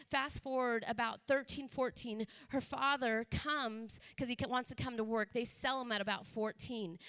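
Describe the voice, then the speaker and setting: A woman's voice: fairly high pitch, a bit bright, smooth. A woman missionary giving a sermon testimony, telling an emotional story with laughter and moments of choking up. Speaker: missionary speaker.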